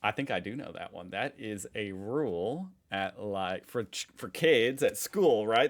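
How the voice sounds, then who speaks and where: A young American man with a somewhat low voice talks through a reaction video in a loose, chatty way. He sounds curious and easily amused, thinking out loud as he goes. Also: lively intonation, unhurried, few pauses. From United States. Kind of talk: casual reaction commentary.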